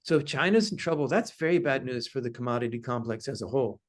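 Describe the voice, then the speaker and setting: A male guest working through a markets question in an interview. He talks in a careful, analytical way and often qualifies his points. His voice sits at an ordinary middle pitch. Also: animated, fast talker. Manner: analytical, cautious. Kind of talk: interview conversation.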